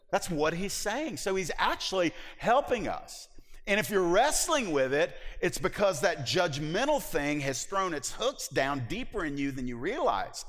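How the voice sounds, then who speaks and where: A male pastor delivers a sermon in a chatty, animated style, often slipping into quick acted-out asides. His voice sits a bit high and leaps up and down all the time. A long reverb trails behind him in a big hall.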